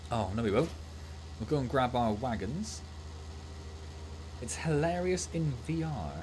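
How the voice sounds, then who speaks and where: A man's voice: mid-range voice, very animated, measured pace, noisy background. Chatty, jokey male game streamer. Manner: chatty, jokey, laughs easily. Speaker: gaming streamer. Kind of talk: casual livestream gameplay chat.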